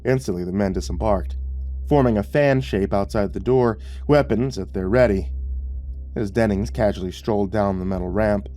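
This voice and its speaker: Low-voiced man narrating a horror story. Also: faint music behind. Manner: steady, measured storytelling.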